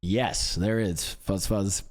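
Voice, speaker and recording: A man's voice: deep voice, steady tone, takes it slowly. A man streaming live, chatting casually in a rambling, upbeat, self-mocking way. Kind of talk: casual chat.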